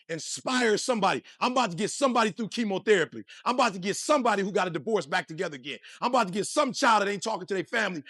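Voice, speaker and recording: A man giving a motivational speech, energetic and preachy, full of slang and talking straight to the crowd. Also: high-pitched, no echo, clean studio sound. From Detroit, USA. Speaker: motivational speaker.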